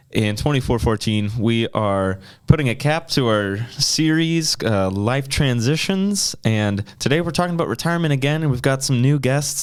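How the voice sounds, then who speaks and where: A man's voice: medium pitch, clear, resonant tone. A man hosting a podcast, casual and self-deprecating, laughing often. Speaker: podcast host. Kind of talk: casual chat.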